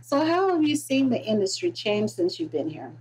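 A woman's voice: mid-range voice, sing-song, moderate pace, darkish tone, husky, low-quality recording. A woman hosting an interview show, friendly and attentive, asking questions and giving short prompts. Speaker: podcast host.

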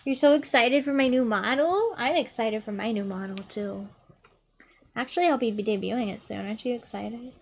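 A woman's voice: on the high side, moderate pace, slightly rough. A young adult woman chatting casually on a live game stream, playful and chatty, swearing freely and coaxing her pet between rounds. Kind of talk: casual live-stream chat while gaming.

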